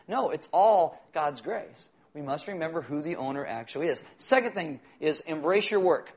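A man's voice: a little high, animated, normal speed, hardly any pauses. A middle-aged male pastor giving a sermon in a conversational, joking way, asking the congregation questions. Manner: conversational, jokey preaching with audience questions.

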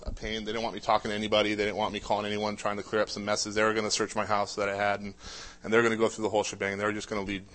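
A man's voice: on the low side, fairly bright tone. A man telling his own life story in casual, conversational speech, with frequent "uh" fillers and restarts. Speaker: speaker sharing a personal testimony.

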